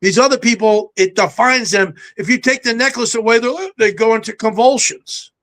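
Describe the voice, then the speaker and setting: An older man, a podcast guest, telling stories in a brisk, self-assured way. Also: high-pitched, a bit bright. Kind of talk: casual podcast chat. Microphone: home setup with a backdrop.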